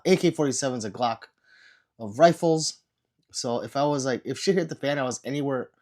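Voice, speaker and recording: Reading viewer comments aloud on a livestream, a man who is unwell chats casually with little energy in a darkish tone.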